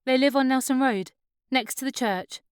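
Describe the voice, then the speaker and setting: A woman's voice: high-pitched, normal speed, smooth, no room sound, clean studio sound, pitched above the performer's own voice, natural voice. A woman voicing a small, cheerful young wife who is chatty and teasing, with a Northumbrian accent.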